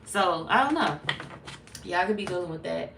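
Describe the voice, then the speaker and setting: A woman's voice: lowish voice, animated, moderate pace, gravelly, noisy background. A woman reading tarot in a casual, blunt, chatty way, swearing freely. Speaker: tarot reader. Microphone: phone.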